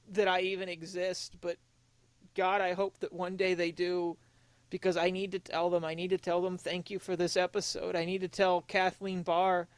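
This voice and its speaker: A young man on a casual podcast, talking in an earnest, confessional way, halting and restarting often. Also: high voice, no echo. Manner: emotionally open, confessional. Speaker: podcast co-host.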